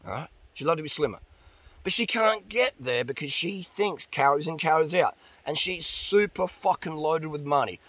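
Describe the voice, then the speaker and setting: A man's voice: fairly high pitch, moderate pace, a bit bright, dry recording. A man ranting bluntly and profanely about dieting as a vlogger. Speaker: diet and fitness vlogger. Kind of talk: ranting monologue.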